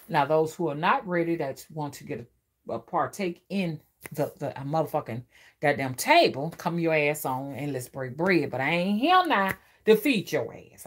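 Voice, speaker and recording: Lady doing a fired-up spiritual rant, swears a lot, keeps asking you understand. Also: lowish voice. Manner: profane, preachy, emphatic, asks the listener to agree. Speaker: spiritual reader and rootworker. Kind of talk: ranting spiritual monologue.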